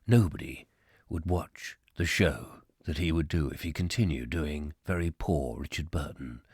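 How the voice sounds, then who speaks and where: A man putting on the voice of a grave, deep-voiced male narrator of a science-fiction epic, speaking slowly and breathily, close to the mic. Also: darkish tone, no room sound, full character voice. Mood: ominous. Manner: slow, solemn, breathy dramatic delivery. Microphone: close to the microphone.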